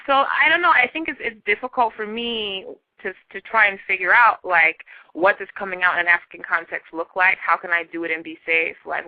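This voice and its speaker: A woman in her twenties from Nigeria, speaking frankly and thoughtfully as an interview guest, halting with many fillers. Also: lowish voice, no echo, dull audio. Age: 20s. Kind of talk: candid interview talk.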